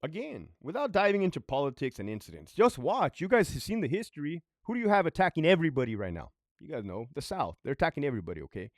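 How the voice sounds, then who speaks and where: Profane, animated man telling a story. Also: fairly high pitch, quick pace, few pauses, no room sound, studio quality. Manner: profane, blunt, conversational. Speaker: former prison sergeant. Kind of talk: casual storytime monologue.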